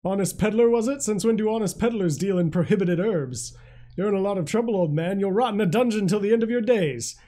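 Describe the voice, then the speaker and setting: A man's voice: high voice, brisk, warm tone, close to an everyday voice. A man voicing a stern, threatening male soldier who barks orders. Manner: barking orders, menacing.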